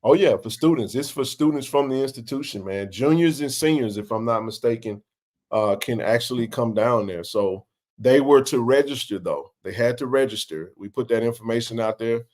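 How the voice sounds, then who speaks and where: Southern guy hosting a sports chat, slangy, gets loud and worked up telling stories. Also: mid-range voice, moderate pace. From Mississippi. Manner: animated storyteller, slangy and emphatic. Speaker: show host.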